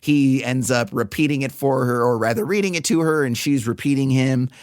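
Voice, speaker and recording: A man in his thirties co-hosting a casual film podcast, animated and acting out lines from the movie. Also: mid-range voice, a little fast, clear, resonant tone, no room sound, studio quality. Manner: animated, acts out movie lines in funny voices. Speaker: podcast co-host.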